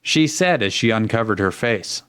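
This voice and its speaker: A man's voice: fairly low pitch, animated, moderate pace, fairly bright tone, clean tone. A man narrating and hosting a comedic fanfiction table read, reading plainly between jokes. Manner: plain narration broken by laughter and joking. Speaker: narrator and host.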